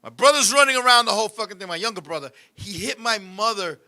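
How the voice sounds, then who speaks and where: A man with a strikingly high, sharp, bright voice hosts a casual show. He tells stories in a loud, animated, profane way and often breaks into shouts. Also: fast. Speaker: show host. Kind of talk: comedic storytelling chat.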